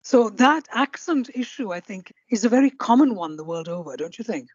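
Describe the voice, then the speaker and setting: A woman hosting an interview podcast who speaks in a measured, deliberate way and sums up her guest's points. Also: medium pitch, animated, a little mellow, slightly rough, no room sound, lo-fi sound. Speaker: podcast host.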